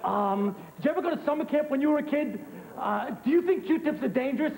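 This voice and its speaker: An actor playing a nervous, rambling temp worker who fills in for a rock star, in a TV sketch, stammering and fidgety. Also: male voice, very high voice, animated, quick pace, a little mellow. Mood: babbling. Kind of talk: TV sketch comedy. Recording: noisy TV broadcast recording.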